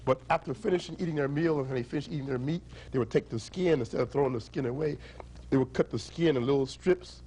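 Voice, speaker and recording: Speaking quickly in a mid-range voice, a storyteller and musician gets kids at a library event chanting back to him in call-and-response as he explains instruments and storytellers. He is lively throughout. The recording is rough, with a little hiss or hum.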